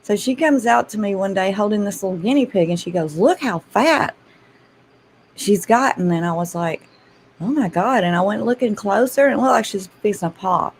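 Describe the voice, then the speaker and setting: A woman's voice: mid-range voice, expressive, normal speed, slight background noise, poor audio. Chatty woman telling stories. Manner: chatty, laughs often, addresses listeners as y'all. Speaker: channel host. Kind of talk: casual storytelling to viewers.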